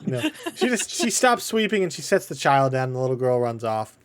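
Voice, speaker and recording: A man narrating a tabletop game as game master, laughing often and voicing townsfolk softly in passing. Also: mid-range voice, very animated, brisk, slight background noise.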